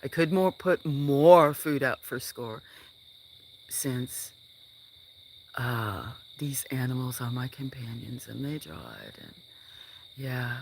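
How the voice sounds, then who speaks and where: A farm live streamer chatting outdoors at night, rambling through stories and often dropping to a hush. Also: mid-range voice, lively intonation, takes it slowly, gravelly, long pauses, a little hiss or hum. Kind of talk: casual live-stream chat. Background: crickets chirping.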